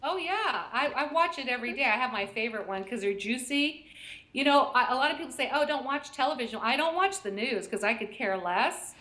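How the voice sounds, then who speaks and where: Brief: middle-aged American woman, bright-ish voice, chatty storyteller, echoey room. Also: high voice, animated, fairly quick. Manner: chatty, storytelling, laughs often. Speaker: guest, intuition teacher. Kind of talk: casual chat on a call-in show.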